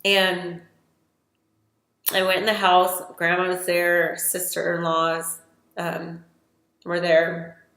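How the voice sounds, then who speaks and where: A woman's voice: fairly low pitch, completely flat delivery, slow, long pauses, a bit bright, echoey room. A middle-aged woman giving a personal testimony, retelling events emotionally with quoted dialogue. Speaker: testimony speaker.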